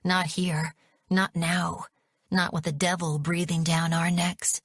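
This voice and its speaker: Woman reading an audiobook, slow and dramatic, dry close sound. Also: on the low side, level tone, husky, no room sound. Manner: measured, dramatic. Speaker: audiobook narrator. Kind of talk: first-person audiobook narration.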